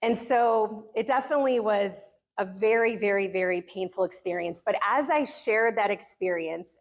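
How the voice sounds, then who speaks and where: Middle-aged american lady telling a church crowd her story, earnest and animated. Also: mid-range voice, normal speed, few pauses. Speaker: conference speaker. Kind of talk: personal story told to a church audience. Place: church hall.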